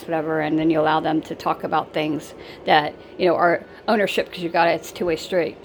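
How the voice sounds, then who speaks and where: A woman's voice: on the low side, fairly quick, slight background noise, low-quality recording. A woman giving blunt life advice in a rambling casual monologue, repeating herself and using lots of fillers.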